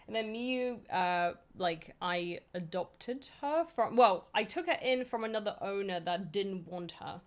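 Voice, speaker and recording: A woman's voice: medium pitch, lively intonation, a little slow, hardly any pauses. Chatty, swearing woman streamer from Poland. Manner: loose and chatty, swears, many fillers, laughs easily. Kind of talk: casual chat answering viewer questions.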